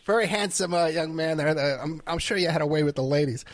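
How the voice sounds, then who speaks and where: A man's voice: a little high, fast, no echo. A man hosting an interview, introducing his guest with plain talk and many fillers. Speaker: host. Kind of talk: interview host.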